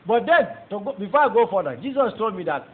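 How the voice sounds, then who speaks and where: Nigerian man preaching his testimony, high voice, talks fast and fired up, thin phone-line sound w/ a little hiss. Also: sing-song. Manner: fervent, emphatic, rising into exclamations. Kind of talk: testimony sermon. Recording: tinny phone-like audio with faint noise.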